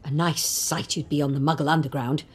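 A woman reading an audiobook, voicing a bossy, fussing middle-aged mother who scolds in a husky voice. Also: sits low, steady tone, brisk. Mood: scolding. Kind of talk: audiobook character voice.

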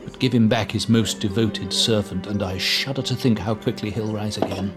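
An actor playing a fussy, self-important middle-aged government minister recounting events earnestly. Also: male voice, lowish voice, fairly even intonation, normal speed, over music, close to an everyday voice. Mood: evasive.

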